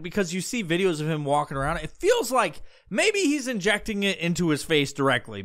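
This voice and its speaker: A man's voice: on the high side, a bit bright. A man hosting a crude comedy podcast, ranting profanely and acting out voices mid-story. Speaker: podcast host.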